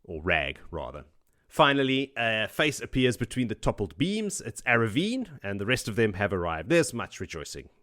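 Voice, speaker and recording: A man's voice: fairly low pitch, sing-song, normal speed, a bit bright, dry recording, clean studio sound. A man hosting a podcast, recapping a book chapter by chapter in a casual, joking way with frequent laughs. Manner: joking, chatty, laughs often. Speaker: podcast host.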